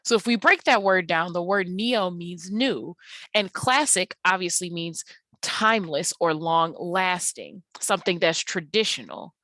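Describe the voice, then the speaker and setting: A woman's voice: fairly low pitch, animated, measured pace, bright, forceful tone, dry recording. A woman teacher talking through lecture slides, explaining patiently with frequent ums and uhs. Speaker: English teacher.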